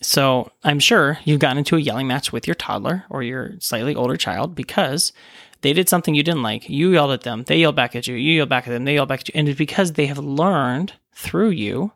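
A man's voice: medium pitch, creaky, a bit bright, no room sound, studio quality. A man in his thirties, a pediatrician, talking casually about parenting, often tagging his points with "right?" and acting out inner voices. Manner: conversational, frequent "right?" tags, acts out inner voices. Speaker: pediatrician and parenting podcast host. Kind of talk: casual solo talk.

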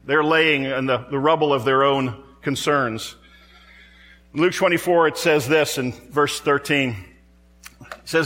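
A man's voice: a little high, fairly even intonation, a little slow, long pauses, fairly bright tone, in a large hall. A man preaching a sermon in a church, dramatic and rhetorical, building his points through repeated phrases and pointed questions to the congregation.

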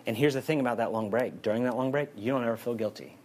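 A man's voice: medium pitch, fast, a little mellow, slight background noise. A man preaching a conversational sermon. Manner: conversational and humorous, repeating a refrain.

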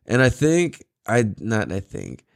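A man's voice: mid-range voice, wildly swooping pitch, a little slow, gravelly, no echo, studio quality. A tired young man hosting his own podcast, rambling in a laid-back way with lots of swearing, fillers and laughs. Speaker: podcast host. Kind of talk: casual solo podcast monologue.

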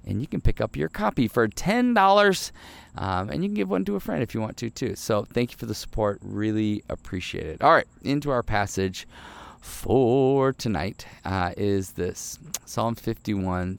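A middle-aged man hosting a devotional podcast, talking in a relaxed, earnest way and telling stories with many fillers. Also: fairly low pitch, creaky, no room sound. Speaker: podcast host.

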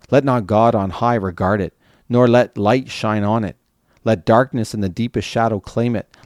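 A man reading the lines of a suffering old man who curses the day he was born, in a solemn, measured way. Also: on the low side, a little mellow, no room sound, studio quality, natural voice. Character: suffering old man cursing his birth.

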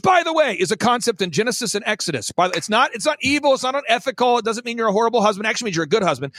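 High, lively man telling a story. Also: dry recording, clean studio sound. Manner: emphatic, theatrical, repeats for emphasis. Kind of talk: animated storytelling on a talk show.

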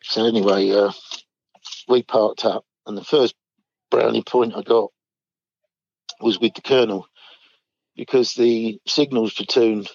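A man's voice: medium pitch, dry recording. An older man, casually telling army stories and often chuckling. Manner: chuckles often, acts out quoted voices. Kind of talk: casual storytelling chat. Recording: dull dry recording.

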